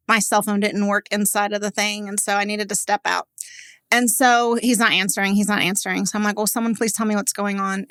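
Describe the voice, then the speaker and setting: Podcast guest: woman in her forties from Texas, mid-pitched, candid storyteller, chatty fillers, dry close sound. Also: a bit bright, smooth, no echo. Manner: candid and conversational, many "like" fillers, quick laughs. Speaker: guest, business owner. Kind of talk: personal storytelling in a podcast interview.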